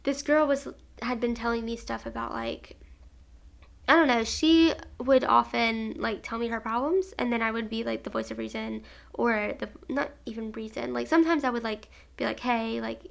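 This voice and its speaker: A young woman in her twenties with a fairly high voice that keeps dropping into vocal fry. She tells a personal story in a casual, rambling way, piling up fillers and restarts. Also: steady tone, normal speed. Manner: rambling, filler-heavy with frequent "like".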